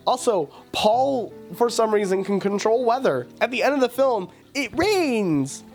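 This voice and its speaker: A man's voice: very high-pitched, big pitch swings, a little slow, few pauses, faint music behind. A man hosting a podcast in a casual film review rant, profane, exasperated and mocking. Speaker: podcast host.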